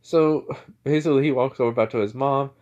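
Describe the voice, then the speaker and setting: A man's voice: mid-range voice, a little fast, darkish tone, lo-fi sound. A young man improvising a fan story, rambling and filling gaps with "basically" and "like".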